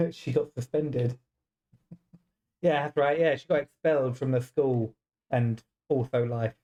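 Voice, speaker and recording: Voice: mid-range voice, fairly even intonation, slow pace, long pauses, warm tone, dull audio. A game streamer giving casual let's-play commentary, chatty and breaking into laughter often.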